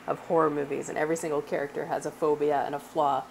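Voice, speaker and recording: Woman, low voice, chatty, laughs a lot, rambling asides, casual stream chat. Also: flat delivery, quick pace, creaky, darkish tone, slight background noise. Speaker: screenwriter hosting a script read stream.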